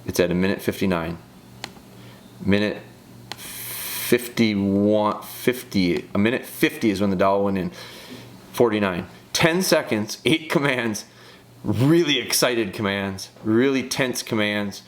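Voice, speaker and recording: A man with a lowish voice talks a dog handler through a training video. He coaches directly and hammers his points home by repeating short phrases. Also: a little slow, slight background noise. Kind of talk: casual video breakdown commentary.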